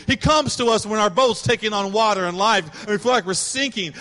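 A man's voice: high-pitched, animated, a little fast, sharp tone, in a large hall. A man preaching a sermon, emphatic and repetitive, swelling to passionate cries. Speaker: pastor.

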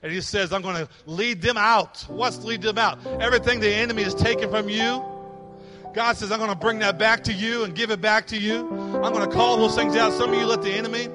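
A man preaching a sermon as pastor, with impassioned delivery that swings between hushed and loud. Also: high-pitched, steady tone, fairly quick, in a large hall, over music.

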